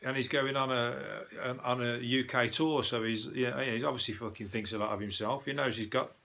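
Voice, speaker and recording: A man's voice: medium pitch, steady tone, a little fast, bright, forceful tone. A man with a Birmingham accent, hosting a casual solo news podcast in a rambling, sweary, chatty way with lots of fillers. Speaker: podcast host.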